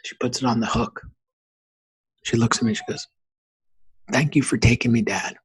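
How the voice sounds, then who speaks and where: A man's voice: mid-range voice, steady tone, moderate pace, husky, rough recording. A man in his forties, a podcast guest, telling a personal story in an earnest, emphatic way.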